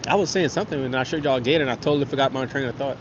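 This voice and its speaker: Talking very fast at a medium pitch, this kayak-based fishing streamer in his 30s rambles through casual stories, reads chat and laughs a lot. The outdoor stream audio is dull and lo-fi with a noisy background.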